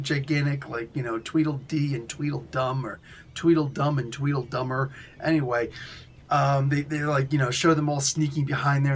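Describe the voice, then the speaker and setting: A man's voice: on the high side, fairly bright tone, slight background noise. A man reviewing a comic book in casual chat, retelling the plot with exasperated sarcasm and many fillers.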